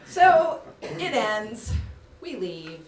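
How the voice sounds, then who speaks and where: A woman tells a funny personal story on a theater stage, her voice swinging up and down with lively expression. She sounds a little off from the microphone, and the big room gives her an echo. Audience noise stays clearly audible behind her. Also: a little high, drawn-out words, far from the mic. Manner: wry, animated, self-mocking. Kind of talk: live comic personal storytelling. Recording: roomy live theater recording with audience noise.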